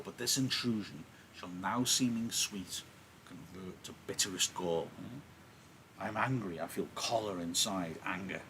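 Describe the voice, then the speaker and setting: A man's voice: sits low, background noise. Man doing a brooding, muttering young hothead. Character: seething young man muttering his anger.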